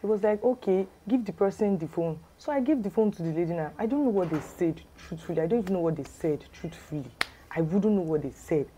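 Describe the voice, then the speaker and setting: A woman with a Yoruba accent tells a story in a chatty, exclamatory vlog style. Her voice sits a little low and sounds soft and mellow. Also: animated, fast talker, a little hiss or hum, rough recording. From Nigeria. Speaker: lifestyle vlogger. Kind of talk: casual storytime.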